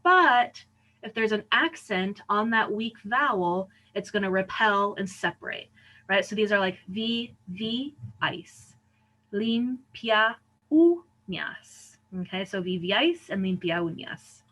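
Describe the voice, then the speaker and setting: A woman teacher explaining a lesson in clear steps, often checking in with "right?". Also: mid-range voice, normal speed, pushed and bright. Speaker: Spanish teacher. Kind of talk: recorded lesson.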